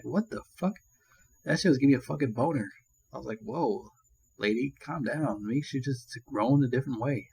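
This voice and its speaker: A man's voice: mid-range voice, darkish tone, breathy edge, rough recording. A man giving a casual movie review, rambling and ranting with constant swearing and crude jokes. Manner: crude, profanity-laden rambling; annoyed ranting.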